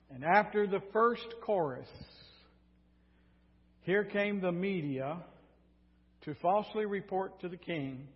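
High-voiced preacher in an echoing hall. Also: male voice, slow, pauses often. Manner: animated storytelling, sarcastic asides. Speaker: pastor. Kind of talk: sermon. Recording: dull sound in a reverberant hall.

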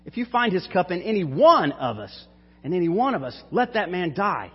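A man's voice: sits high, big pitch swings, normal speed, breathy edge, voice pushed up, full character voice. A man reading aloud as brothers protesting their innocence, in an indignant, protesting manner. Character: alarmed group of male brothers protesting innocence. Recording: dull hall reverb.

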